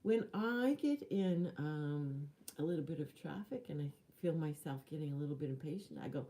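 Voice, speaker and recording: A woman with a low, mellow voice gives an earnest motivational talk straight to camera. She talks in a chatty way, laughs easily and drops into dramatic whispers to stress a point. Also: lively intonation, moderate pace, hardly any pauses. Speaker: spiritual life coach.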